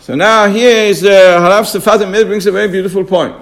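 Guy with a high voice teaching torah on the radio, acts out people whining why me. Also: fairly even intonation, brisk, a bit bright. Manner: emphatic, acts out complaining questions.

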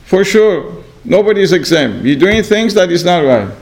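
A man teaching an informal religious class to a small group, talking in loose, repetitive phrases full of "you know" and sometimes dropping to a soft, low voice for asides. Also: big pitch swings, normal speed, rough recording. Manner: repetitive, many "you know" fillers, acts out exchanges.

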